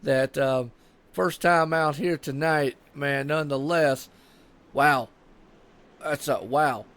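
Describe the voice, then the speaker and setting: A man's voice: on the high side, fairly even intonation, slow pace, fairly bright tone. A man with a Southern US accent giving casual, rambling live commentary on a sim race and chatting with viewers.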